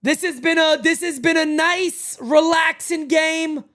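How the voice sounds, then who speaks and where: High, bright-voiced excitable man. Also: unhurried. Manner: excitable, profane, shouting. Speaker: host of a live baseball watch party. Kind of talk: live play-by-play streaming.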